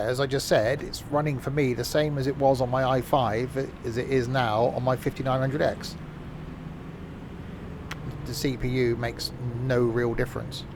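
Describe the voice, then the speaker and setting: Male streamer, gravelly, rambling casual game commentary, dry humour. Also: mid-range voice, background noise.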